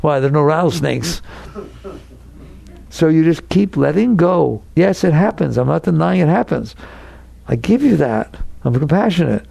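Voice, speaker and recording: Gravelly, animated male spiritual teacher. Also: on the high side, moderate pace, pauses often. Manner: animated, acts out neurotic inner voices. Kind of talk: inspirational talk.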